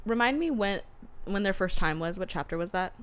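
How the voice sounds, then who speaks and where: A young adult woman co-hosting a casual book podcast, animated and swearing freely while she mimics characters. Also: mid-range voice, fairly quick, a little hiss or hum. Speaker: podcast co-host.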